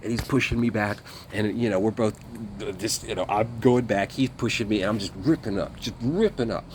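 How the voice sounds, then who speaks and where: With a lowish voice and slight background noise, a guest talks about his army days. The telling is casual and meandering, blunt, and full of fillers and swearing.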